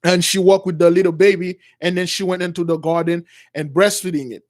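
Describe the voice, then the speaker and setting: A man's voice: sits high, steady tone, brisk. A man retelling a religious story as a preacher, rambling with many restarts and calling his listeners brothers.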